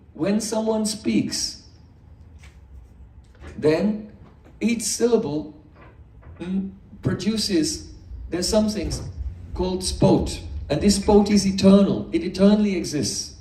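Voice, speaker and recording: A man's voice: high voice, dark tone. A man giving a philosophy lecture as a spiritual teacher, explaining step by step and asking rhetorical questions. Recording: echoey room, mic far off.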